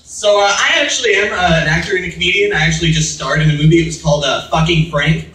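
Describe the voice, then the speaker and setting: Fast, bright-voiced stand-up man. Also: on the high side, recorded from a distance. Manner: chatty, checks in with the crowd. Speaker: comedian and actor. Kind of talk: stand-up set. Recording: echoey venue, mic from afar.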